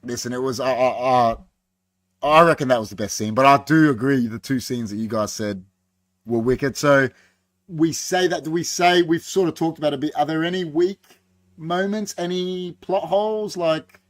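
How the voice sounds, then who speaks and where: Man, podcast host, casual movie talk, animated, acts out scenes, slightly high voice, dry close sound. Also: normal speed, dry recording.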